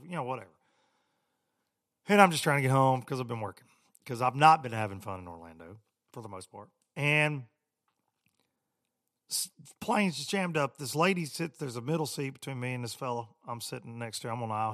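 A man's voice: medium pitch, a bit bright, no echo, studio quality. A middle-aged man hosting a podcast, telling a story in a chatty, rambling, self-deprecating way and talking straight to his listeners. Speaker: podcast host.

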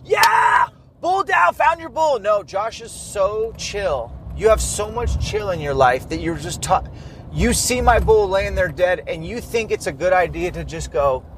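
A man's voice: high-pitched, measured pace, slight background noise. A man casually retelling a hunting trip, acting out quoted dialogue. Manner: lively, acts out quoted dialogue. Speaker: hunter telling a hunting story. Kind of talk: casual storytelling chat.

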